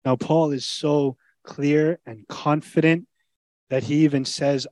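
A pastor preaching a sermon in an earnest, emphatic, conversational way. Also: male voice, a little high, fairly even intonation, normal speed, a little mellow, dry recording.

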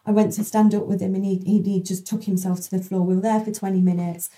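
Bright-voiced woman podcast host. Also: medium pitch, level tone, fast. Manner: chatty, storytelling with frequent fillers and restarts. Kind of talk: casual conversational interview.

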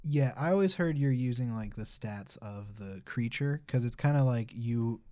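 A man's voice: medium pitch, moderate pace, mellow. A man playing a tabletop game, talking hesitantly and filling his speech with "like". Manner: hesitant, lots of "like". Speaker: player. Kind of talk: casual tabletop game chat.

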